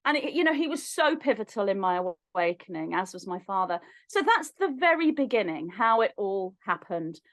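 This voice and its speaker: A woman as a podcast guest, telling a personal story in an animated way and acting out remembered dialogue. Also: medium pitch, brisk, hardly any pauses, no echo. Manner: animated, acts out remembered dialogue with lively shifts in voice.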